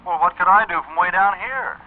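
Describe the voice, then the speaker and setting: Casting: man for calm druggist dad, unhurried, old radio drama sound with faint hiss. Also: high-pitched, phone-quality sound, lightly acted. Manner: relaxed, calm, laconic. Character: easygoing father and druggist, calm and unruffled. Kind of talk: 1940s radio acting.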